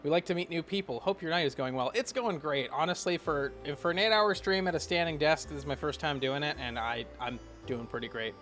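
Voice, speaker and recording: A man chatting casually on his game stream, relaxed and laughing often, swearing now and then. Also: fairly high pitch, brisk, hardly any pauses, faint music behind. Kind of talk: casual gaming stream chat.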